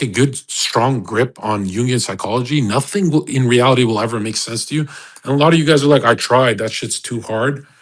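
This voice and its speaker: A man hosting a live audio chat, ranting in a brash, profane way and swinging between loud outbursts and low mutters. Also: husky. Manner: mocks people in put-on voices.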